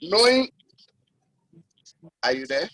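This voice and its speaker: A man with a high, bright voice asks his questions in a measured, formal way. His voice is dry and close, with no room sound. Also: very animated, dry recording, rough recording. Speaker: caller.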